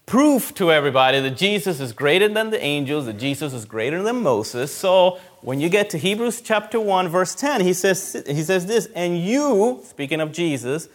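A man delivers a sermon in a fairly high voice. He is emphatic, presses his points by repeating them, and swings between loud, raised lines and quiet, low ones. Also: very animated, moderate pace, hardly any pauses. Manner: emphatic, repeats key phrases, rises and drops in loudness. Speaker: preacher.

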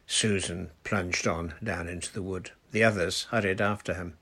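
A man reading a children's adventure story aloud in a measured storytelling manner. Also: sits low, fairly even intonation, fairly bright tone, breathy edge. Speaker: audiobook narrator. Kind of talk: storybook narration.

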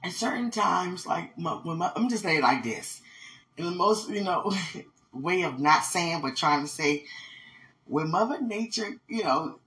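The recording is rough, but this female podcast host's lowish, slightly bright voice comes through expressive and unhurried. She rambles emotionally in a casual monologue, laughing a lot and talking to someone who isn't present.

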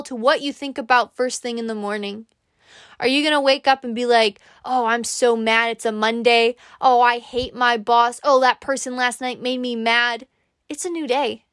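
High-voiced earnest woman podcaster. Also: fairly bright tone, no room sound, clean studio sound. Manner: earnest, encouraging, addresses listener directly. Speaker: podcast host. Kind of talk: motivational monologue.

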